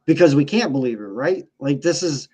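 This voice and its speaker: A man with a fairly high-pitched voice, ranting about his team on a casual sports podcast. He swears freely and talks with heated frustration. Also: animated, moderate pace, dark tone, slightly rough. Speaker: podcast co-host.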